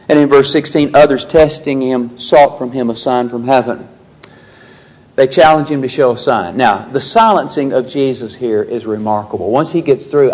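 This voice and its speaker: A man's voice: medium pitch, darkish tone, rough recording. A man preaching an expository sermon, reading scripture aloud and pressing his points with rhetorical questions.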